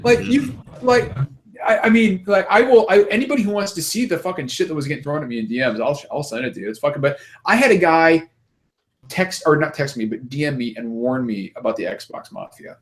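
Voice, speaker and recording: A man hosting a gaming podcast, telling a story in an animated, profane, repetitive way. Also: fairly high pitch, quick pace. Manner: animated storytelling, heavy swearing, repeats words. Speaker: podcast host. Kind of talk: casual chat.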